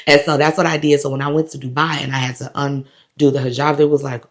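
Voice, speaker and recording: A woman's voice: rumbling low, fast. A woman vlogger from the United States, animatedly retelling a travel ordeal straight to the camera. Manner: animated, dramatic retelling with quoted voices and laughs. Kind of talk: casual storytelling to camera.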